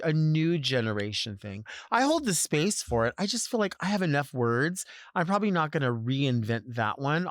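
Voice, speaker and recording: A man's voice: medium pitch, no room sound, studio quality. A man who hosts as a drag queen, talking in a campy, sassy way and stretching words out for emphasis. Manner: sassy, conversational. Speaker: podcast host, drag queen. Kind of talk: casual solo monologue.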